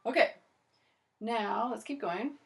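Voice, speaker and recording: A woman with a fairly high voice teaching a violin lesson on video. She talks in a chatty, encouraging way, starting lots of phrases with "so" and "okay". Loud violin playing fills the gaps between her phrases. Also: slow, creaky, loud music behind the voice.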